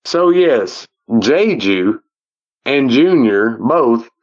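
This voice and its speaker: A middle-aged man with a Southern US drawl tells his stories in a slow, unhurried way, circling back and restarting his sentences as he goes. His pitch sits in an ordinary middle range. The recording is a little dull and lo-fi. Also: sing-song. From American South. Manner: rambling, folksy, restarts often. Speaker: podcast guest. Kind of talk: casual storytelling.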